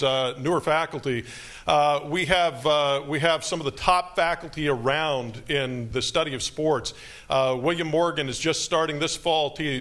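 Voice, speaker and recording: A male professor giving a quick, joking talk to new students in an auditorium. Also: fairly high pitch. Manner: fast, joking, lively talk. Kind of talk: lecture to incoming students.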